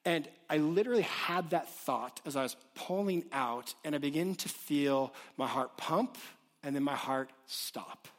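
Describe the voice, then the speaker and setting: A man in his late thirties preaching a sermon, telling a personal story in an animated, self-deprecating way. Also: on the high side, measured pace. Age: late 30s. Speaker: pastor. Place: church auditorium with congregation.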